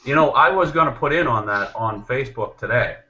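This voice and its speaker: A man's voice: medium pitch, lively intonation, a little fast, sharp tone, dull audio. A man co-hosting a podcast, joking around and reading listener comments aloud. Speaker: podcast co-host. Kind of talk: casual podcast chat.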